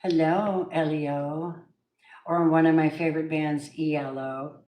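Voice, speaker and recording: A chatty woman reads tarot cards for her viewers, talking casually and reacting out loud. Her voice sits on the low side for a woman. The recording is echoey with a faint background hiss. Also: measured pace, highs cut off. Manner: chatty, excitable, gasps and laughs, breaks into song. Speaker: tarot reader. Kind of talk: casual tarot reading livestream. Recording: echoey room with faint noise.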